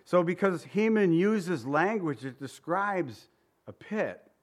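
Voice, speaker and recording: A pastor preaching a sermon, reading scripture in old-fashioned wording and asking the congregation conversational questions. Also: male voice, high voice, animated, slow pace.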